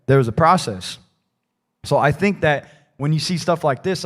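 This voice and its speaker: A pastor with a slightly high, expressive male voice preaches a conversational sermon in church at a moderate pace. His delivery is casual and rambling, peppered with "like" and "right?".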